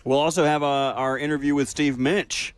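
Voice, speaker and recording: A man's voice: fairly high pitch, steady tone, moderate pace, a crowd in the background. A man co-hosting a sports talk radio show, playful and laughing often, rattling off schedules and stats. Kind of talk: casual sports radio banter.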